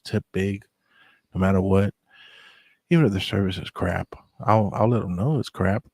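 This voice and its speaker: Deep gravelly man, easygoing storyteller. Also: no room sound. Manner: relaxed, reflective, many fillers. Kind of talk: casual storytelling chat.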